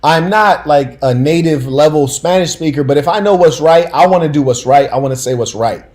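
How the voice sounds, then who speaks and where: A man's voice: fairly high pitch, fairly quick, darkish tone. A man hosting a casual commentary stream, telling stories in a slangy, emphatic way and talking straight to his audience.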